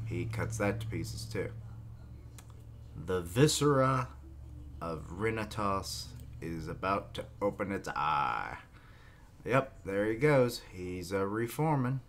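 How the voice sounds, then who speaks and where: Deep-voiced man reacting to a manga. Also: fairly bright tone, a little hiss or hum. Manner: casual, swears, reads panels aloud. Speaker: reaction video host. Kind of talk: live manga reading reaction.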